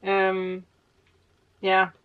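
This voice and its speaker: A woman's voice: medium pitch, completely flat delivery, very slow, phone-quality sound. Rambling woman giving a tarot reading. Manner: rambling, laughs often, corrects her own words. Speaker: tarot reader. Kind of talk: casual spiritual guidance monologue.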